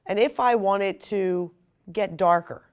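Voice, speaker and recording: A woman explaining software step by step in a screen-recorded tutorial. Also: mid-range voice, a little slow, clear, resonant tone. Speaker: software instructor.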